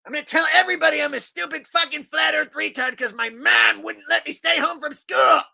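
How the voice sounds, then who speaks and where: A man voicing Cartman, a bratty, foul-mouthed cartoon schoolboy who whines and throws shouting tantrums. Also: very high-pitched, a little fast, creaky, pitched above the performer's own voice, exaggerated voice.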